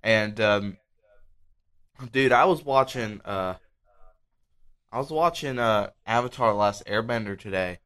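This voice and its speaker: Animated young man saying dude a lot. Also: lowish voice, unhurried, pauses often, smooth. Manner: animated, drops to a mumble, says dude a lot. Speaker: podcast guest. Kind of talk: casual chat.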